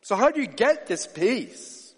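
A man preaching a sermon in an animated way, acting out the voices of people he quotes. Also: high-pitched, a little slow, husky. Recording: long hall reverb.

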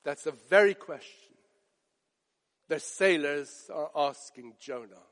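A man preaching a sermon, dramatic, drawing out quoted lines slowly and softly for emphasis. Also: on the high side, big-room sound.

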